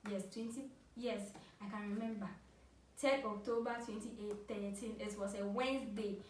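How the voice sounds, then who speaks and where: A Ghanaian woman in her twenties telling funny personal stories to camera in a playful, animated way, laughing often. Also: medium pitch, normal speed, slight background noise. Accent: Ghanaian English. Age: 20s. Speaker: vlogger. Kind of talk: casual storytelling to camera. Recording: roomy, from a distance.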